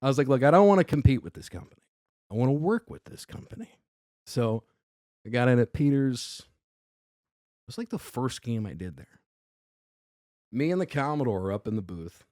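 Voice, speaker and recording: A man's voice: mid-range voice, big pitch swings, moderate pace, pauses often, a little mellow, dry recording, clean studio sound. A middle-aged man with a New York accent, a comedian guest telling a story in casual podcast chat, acting out both sides of the dialogue. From Staten Island, New York.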